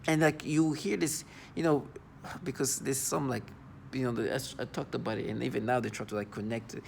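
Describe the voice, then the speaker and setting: A man with a rough, gravelly voice speaks in a personal video monologue. He sounds agitated and disgusted, and keeps breaking off and restarting his sentences. Faint background noise runs under the recording. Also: mid-range voice, fairly even intonation. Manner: halting, full of restarts and fillers. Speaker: vlogger.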